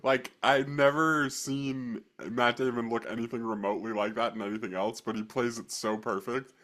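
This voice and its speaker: A man's voice: medium pitch, steady tone, moderate pace, fairly bright tone. A young man co-hosting a movie podcast, chatting casually, acting out quoted lines and trailing off with hedges. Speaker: podcast co-host. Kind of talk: casual movie review chat.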